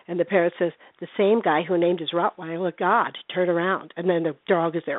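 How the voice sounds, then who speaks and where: A woman's voice: fairly low pitch, fairly even intonation, moderate pace, no room sound. Older lady on a phone call, chatty, does voices while telling her ghost stories, tinny line. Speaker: paranormal investigator guest. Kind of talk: casual phone interview storytelling.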